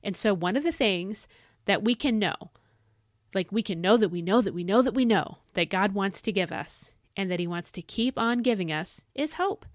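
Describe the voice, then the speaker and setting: A woman hosting a devotional podcast, earnest and encouraging, asking listeners direct questions and swinging from bright emphatic highs to soft low asides, her voice a little dry and cracking from thirst. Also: moderate pace, dry recording. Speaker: podcast host.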